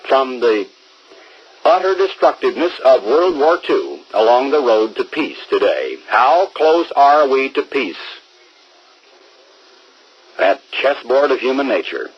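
A man's voice: mid-range voice, slightly rough, muffled recording. A man preaching a radio sermon, emphatic and drawing out key words for stress.

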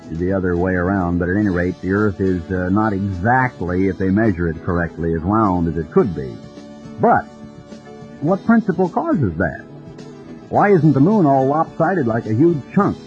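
A man preaching a radio sermon in a folksy, storytelling manner, with a husky voice. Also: lowish voice. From United States. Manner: folksy storytelling, mimics voices in quoted dialogue. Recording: dull lo-fi radio broadcast.

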